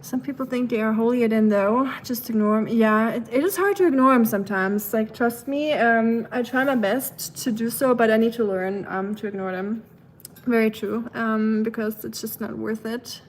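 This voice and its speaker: Woman with a German accent, rambling and friendly streamer chat, slightly high pitch. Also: slight background noise, poor audio. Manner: chatty and rambling, with frequent "um" pauses and light laughs; switches between English and German. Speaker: livestream host. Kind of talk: casual livestream chat, reading chat comments.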